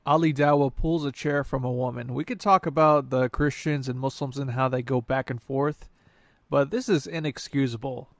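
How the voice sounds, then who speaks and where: A man in a played video clip giving measured, disapproving commentary. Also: mid-range voice, fairly even intonation, a faint crowd.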